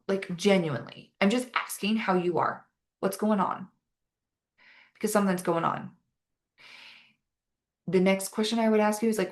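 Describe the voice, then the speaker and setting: A woman's voice: mid-range voice, fairly even intonation, moderate pace, long pauses. A young woman coaching in a casual motivational talk, earnest and upbeat, with many "like" and "right?" asides. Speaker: fitness and mindset coach.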